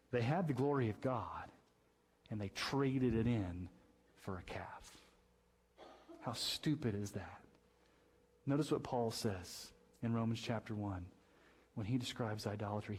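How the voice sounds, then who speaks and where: A male pastor preaching a sermon, reading scripture and building to loud, high-pitched emphasis on key points. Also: low-quality recording. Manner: impassioned preaching, climbs high and loud when stressing points.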